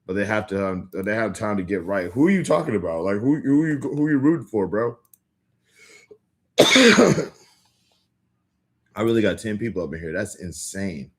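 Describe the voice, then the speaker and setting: A young man chatting casually with viewers on a livestream, rambling with lots of filler words and quick restarts. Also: lowish voice, big pitch swings. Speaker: livestream host. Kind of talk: casual live-stream chat with viewers.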